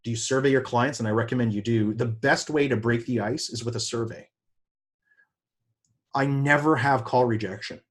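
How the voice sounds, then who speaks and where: This man plays a business coach at a seminar, talking at a normal speed with conversational energy and abrupt, excited jumps in pitch.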